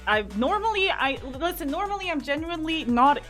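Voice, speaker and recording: A woman's voice: very high-pitched, lively intonation, a little fast, fairly bright tone, faint music behind. A woman co-hosting a casual podcast, a streamer who does comedy, talking in a chatty, self-deprecating way. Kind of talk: casual chat.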